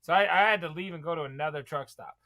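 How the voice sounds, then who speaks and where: Podcast co-host, male, 30s; animated storyteller with a high, bright voice. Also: quick pace. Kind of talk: casual chat.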